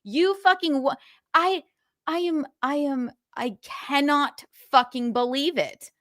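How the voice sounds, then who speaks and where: A woman's voice: sits high, slow, fairly bright tone, no echo, studio quality. A young woman hosting a livestream, ranting with profanity and sarcasm. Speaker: podcast host.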